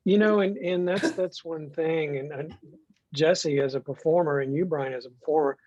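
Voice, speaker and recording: Higher-voiced man weighing in thoughtfully; dead-dry, muffled lo-fi pickup. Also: normal speed, darkish tone, no room sound. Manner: thoughtful, explanatory. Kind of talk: casual conversation. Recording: dry, dull lo-fi sound.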